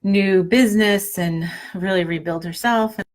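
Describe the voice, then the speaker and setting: A woman's voice: mid-range voice, measured pace. A middle-aged woman hosting a spiritual podcast, talking in a loose, rambling way with many fillers and restarts. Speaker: podcast host and spiritual guide. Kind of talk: casual spoken monologue.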